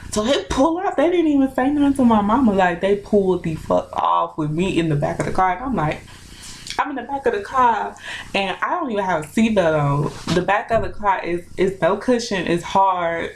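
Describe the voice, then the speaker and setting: A young woman telling a personal story in a casual, animated, chatty way with lots of fillers. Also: mid-range voice, moderate pace, a little hiss or hum, low-quality recording. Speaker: vlogger.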